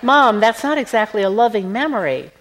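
A woman voicing a restless, wry heroine who talks quickly in an audiobook. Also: a little high, expressive, slight background noise, pitched above the performer's own voice, lightly acted, low-quality recording. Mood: brisk.

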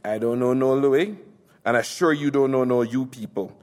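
A man's voice: medium pitch, normal speed, darkish tone, in a large hall, close to an everyday voice. A man voicing a foul-mouthed, furious gangster who talks in a crude, boastful, mocking way. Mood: scornful.

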